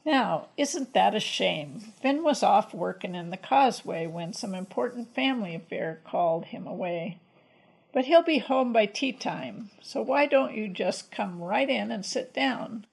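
A woman voicing a shrewd, gentle wife who coaxes sweetly, in a storybook reading. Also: medium pitch, expressive, unhurried, creaky, breathy edge, full character voice, poor audio. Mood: coaxing. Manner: gentle, coaxing. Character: shrewd, calm Irish wife, sweetly cunning.

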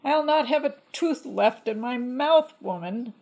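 Storybook giant: bullying glutton, bellowing, as a woman reads him, gravelly grain. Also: high-pitched, expressive, unhurried, darkish tone, voice pushed up, full character voice, rough recording. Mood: blustering. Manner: bellowing, blustering. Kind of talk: storybook reading.

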